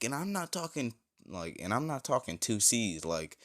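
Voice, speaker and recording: A man's voice: fairly low pitch, sing-song, normal speed. A young man casually retelling a fan-made story, rambling and crude, full of fillers.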